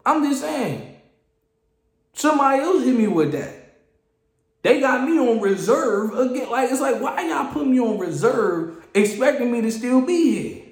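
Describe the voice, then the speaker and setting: This podcast host, high-pitched but unhurried, vents alone on his casual show with lively frustration. He trips over words, says things twice and starts sentences over, and the large room gives his voice an echo.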